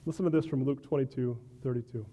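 A man's voice: medium pitch, fairly even intonation, quick pace, warm tone, a little hiss or hum. A male pastor preaching a sermon in a conversational way, often checking in with "right?" and sometimes restarting words.

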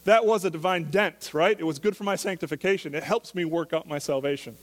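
In a big-room sound, a pastor preaches with a fairly high voice at a slightly fast pace. His sermon is conversational, and he keeps asking the congregation question after question.

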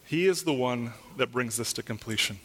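Bright-voiced preaching pastor. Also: male voice, mid-range voice, normal speed. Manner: earnest preaching with rhetorical questions; builds to loud emphatic peaks when reading scripture. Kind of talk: sermon. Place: church.

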